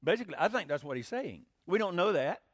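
A man's voice: sits high, very animated, fast, no room sound. A man teaching the Bible in a folksy, conversational sermon, asking rhetorical questions and acting out quotes. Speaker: preacher.

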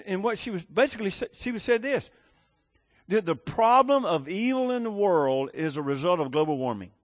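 A middle-aged pastor, preaching with a slightly high voice. He talks in a folksy, rambling way, often breaking off and starting his sentences again. The recording is dry and close. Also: lively intonation, normal speed, dry recording. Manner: folksy, rambling, hesitant with many restarts. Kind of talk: sermon.

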